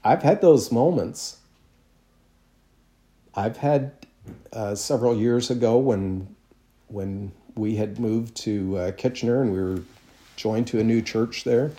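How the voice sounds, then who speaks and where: Mellow-voiced man preaching a sermon. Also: lowish voice, slow pace, pauses often. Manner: conversational storytelling with self-deprecating humor. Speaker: pastor.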